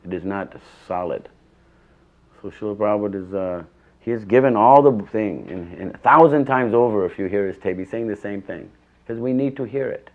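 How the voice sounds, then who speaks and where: Older man, deep low voice, earnest, rambling, emphatic, interview reminiscence. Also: moderate pace. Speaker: devotee recalling his teacher.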